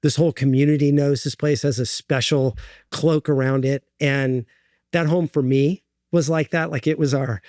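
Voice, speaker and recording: A middle-aged man from the United States, a guest in an interview, telling his own story in an earnest, halting way with many fillers and restarts. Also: a little high, steady tone, a little mellow, no echo, clean studio sound.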